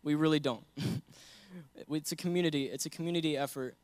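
Earnest young man preaching, clear voice. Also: a little high, fairly even intonation, fairly quick, no room sound. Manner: earnest, laughs between points. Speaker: guest preacher. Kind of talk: sermon with personal story.

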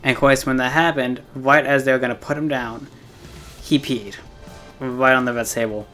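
A man's voice: mid-range voice, steady tone, normal speed, pushed and bright, faint music behind. Rambling young man telling a story. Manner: rambling, heavy on fillers and swearing. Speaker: gaming streamer. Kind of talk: casual storytelling while playing a game.

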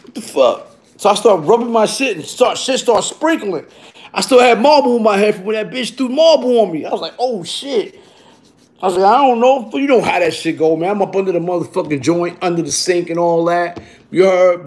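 A man telling a profane, streetwise story from his workday, acting out the other people and the sound effects himself. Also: high-pitched. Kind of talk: casual spoken storytelling.

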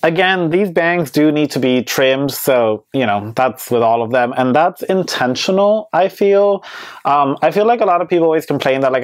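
A man's voice: on the high side, animated, moderate pace. A man giving a casual, candid review on his vlog, chatty and hedging with many fillers, with playfully sassy asides. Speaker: beauty vlogger reviewing wigs. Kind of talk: casual product review chat.

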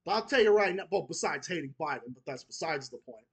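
A man's voice: fairly high pitch, animated, fast talker, fairly bright tone, slightly rough. A man hosting his own channel, delivering an angry, profane, repetitive rant that goes straight at his critics. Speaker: channel host.

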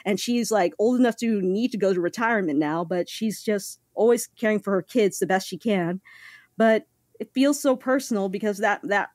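A woman's voice: mid-range voice, normal speed, dry recording, clean studio sound. A woman in casual podcast chat, talking earnestly and acting out lines from the story she discusses. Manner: earnest, animated, acts out quotes. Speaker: manga podcast co-host.

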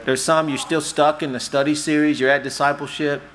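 Bright-voiced animated male preacher. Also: fairly high pitch, fairly quick. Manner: animated and conversational, acts out dialogue. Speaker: pastor. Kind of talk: sermon. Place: church hall.

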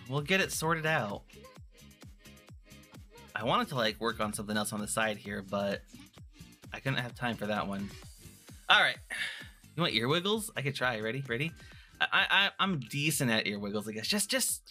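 A man's voice: mid-range voice, lively intonation, normal speed, pauses often, sharp tone, soft background music. A man chatting casually on a live stream, playful and rambling, often restarting his sentences. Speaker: vtuber streamer.

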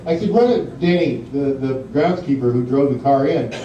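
A mellow, mid-range voice at a moderate pace belongs to a middle-aged man serving as guest speaker at an induction ceremony. He rambles through storytelling anecdotes, leaning on fillers and laughing at himself, in a large banquet hall whose recording is distant, muffled, echoey and slightly hissy or humming.

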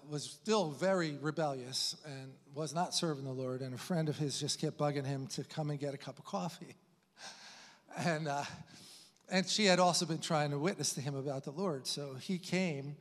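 A male preacher giving a loose, conversational sermon, laughing easily and correcting himself. His voice sits a little higher than most men's. Long reverb from a large church hall hangs behind him. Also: a bit bright.

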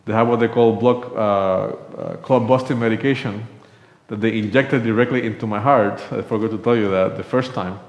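A man preaches in a church sanctuary whose echo fills the recording, his voice fairly low and steady at a moderate pace. His sermon turns into a conversational personal story, with the quoted dialogue acted out.

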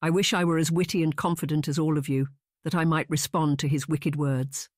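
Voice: mid-range voice, little pitch movement, brisk, dry recording, lightly acted. A narrator playing a timid young lady who is easily hurt, in a plaintive, slightly raised voice. It sounds close and dry, read as an audiobook character.

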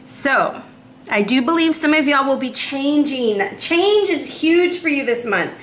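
A woman giving a casual tarot reading to the viewer, chatty and lively, slightly out of breath. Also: high voice, a little slow. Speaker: tarot reader. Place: warm indoor room. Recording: roomy echo, faint background noise.

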